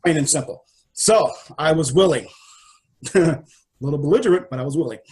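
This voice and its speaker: Animated man telling a personal story. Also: a little high, normal speed. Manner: animated and emotional, acts out his own dialogue. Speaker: life coach and interview guest.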